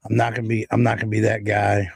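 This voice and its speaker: A man's voice: on the low side, monotone, quick pace, gravelly, breathy edge, dry recording. A man on a comics panel, joking and laughing often as he talks. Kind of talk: casual podcast chat.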